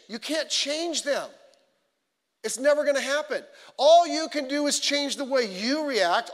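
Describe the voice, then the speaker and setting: A pastor preaching a midweek sermon in a conversational, animated way, acting out the quotes in his stories. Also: high-pitched. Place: church sanctuary. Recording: long reverb of a church hall.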